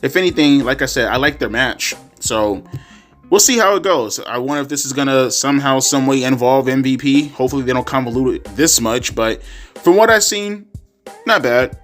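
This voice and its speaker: A man's voice: mid-range voice, normal speed, fairly bright tone, soft background music. A man ranting sarcastically and profanely about a wrestling show in a casual vlog. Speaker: wrestling commentary vlogger. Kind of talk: profane rant.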